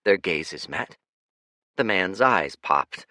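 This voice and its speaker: A male audiobook narrator with a low, bright voice tells the story expressively. His pitch ranges widely and his pace is slow and deliberate, recorded dry and close. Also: lively intonation, dry recording. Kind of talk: scripted narration.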